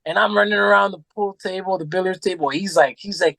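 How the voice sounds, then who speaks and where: A man telling animated stories in a casual podcast chat, acting out what people said and swearing freely. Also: high voice, fast, creaky, no room sound. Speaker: podcast guest. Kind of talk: casual storytelling.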